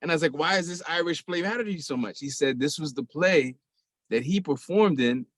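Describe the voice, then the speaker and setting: A man telling a personal story on a video call in a lively way, laughing often and restarting phrases. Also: fairly high pitch, fairly quick, no room sound. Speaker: guest sharing memories.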